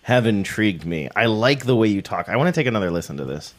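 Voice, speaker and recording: A man's voice: lowish voice, lively intonation, fast talker. A man hosting a podcast, chatting casually and joking about old commercials. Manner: playful, joking. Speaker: podcast host. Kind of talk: casual chat.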